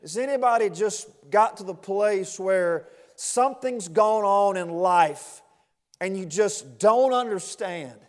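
A man preaching an impassioned sermon to a responding congregation, repeating words in rhythmic bursts that build to shouts. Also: high-pitched, expressive, takes it slowly. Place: church sanctuary with long reverb. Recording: reverberant church hall.

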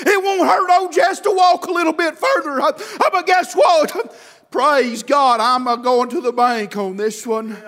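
A man preaching a sermon with fervor, often shouting and filling his pauses with constant "uh, uh". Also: extremely high pitch. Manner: fervent, often shouting, with constant "uh, uh" between phrases.

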